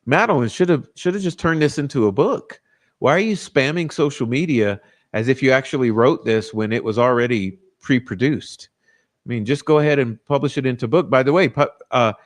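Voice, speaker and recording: A man hosting a casual livestream, ranting combatively and profanely, with frequent restarts. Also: mid-range voice. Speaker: livestream host.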